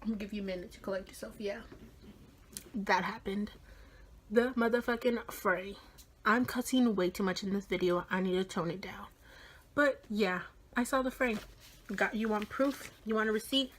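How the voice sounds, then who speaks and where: 18 y/o girl vlogging, talks animated and cusses a ton, slips into whispers a lot. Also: mid-range voice, normal speed, pauses often, slight background noise. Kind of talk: casual storytime vlog.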